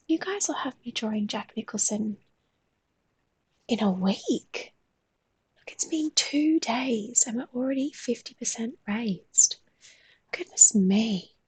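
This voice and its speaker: A woman talks in a soft, mostly whispered voice and yawns often as she chats with viewers on a live stream while she draws. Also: a little high, husky, no echo.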